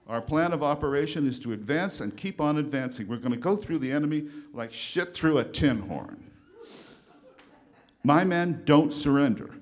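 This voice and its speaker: A man reciting the speech of a gruff, profane army general rallying his troops, booming and blustering as he declaims it. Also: close to an everyday voice. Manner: booming, blustering and crude, barking orders.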